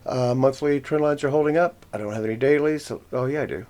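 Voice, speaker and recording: Hosting a forex trading channel, a man casually talks through the trend lines on his chart, rambling, correcting himself, and tossing in jokes. His voice is medium-pitched, fast, and somewhat dark. It's a relaxed screen-share walkthrough of a chart.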